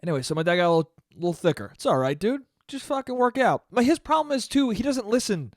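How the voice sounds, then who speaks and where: Young male podcast host, a bit high-pitched, profane and animated, dry close sound. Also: quick pace, no echo. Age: young adult. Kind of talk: casual solo podcast monologue.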